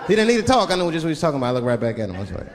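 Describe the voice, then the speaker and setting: A male stand-up comedian telling stories, swearing freely and dropping into low murmured asides. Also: sing-song, rapid-fire, in a large hall, very noisy. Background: crowd laughter.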